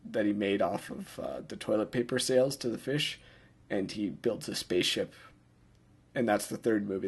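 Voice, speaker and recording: A man's voice: fairly low pitch, slightly rough. A young man giving a casual, self-mocking director's commentary, rambling with lots of filler words.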